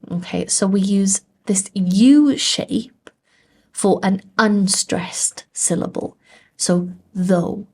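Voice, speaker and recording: A woman with a British accent teaching a poetry lesson over a shared screen, patiently repeating lines slowly to show the stressed syllables. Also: mid-range voice, creaky, darkish tone. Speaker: English teacher.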